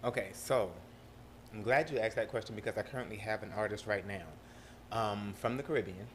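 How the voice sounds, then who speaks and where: A man with a South Carolina Lowcountry accent, talking casually as a podcast guest and switching between proper and Southern speech. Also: a little fast, fairly bright tone, a little hiss or hum.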